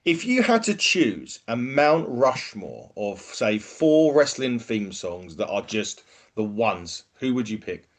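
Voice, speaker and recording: A man hosting a wrestling podcast, relaxed and casual, putting questions to his guest from a list. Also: mid-range voice, takes it slowly. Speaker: podcast host.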